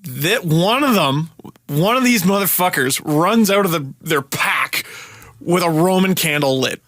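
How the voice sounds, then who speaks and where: A man in his thirties from Canada, a podcast host telling a story in a casual, animated way, swearing freely and shouting the lines he quotes. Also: on the high side, a little slow, dry recording, studio quality.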